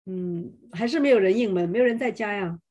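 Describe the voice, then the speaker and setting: A woman's voice: mid-range voice, warm tone. A woman interprets a sermon live, one phrase at a time. She sometimes hesitates and restarts with fillers while she follows the preacher. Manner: hesitant, fills pauses with 'uh'.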